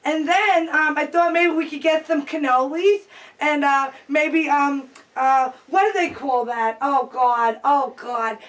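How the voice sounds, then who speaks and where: Eager young woman in glasses, played by a woman; very high, breathless, gushing, for an improv sketch. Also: steady tone, unhurried, recorded from a distance. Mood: rambling. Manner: gushing, breathless, giggly, rambling.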